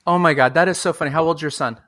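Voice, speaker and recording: A man hosting a podcast interview, enthusiastic and animated, telling stories with lively energy. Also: on the high side, quick pace, no echo, clean studio sound. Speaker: podcast host. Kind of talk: casual interview chat.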